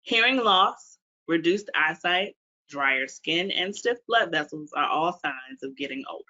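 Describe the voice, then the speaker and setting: A woman from Washington, D.C. gives a webinar talk as a physical therapist. Her voice is bright and forward, and she keeps asking the audience questions. The audio is dull and lo-fi, like a webinar stream. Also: sits low, expressive, measured pace. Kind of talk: webinar presentation.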